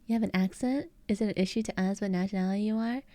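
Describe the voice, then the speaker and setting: A woman's voice: mid-range voice, racing, mellow, no room sound. An American woman with an Eastern American accent, chatting casually with her live chat as a streamer and giggling often. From United States.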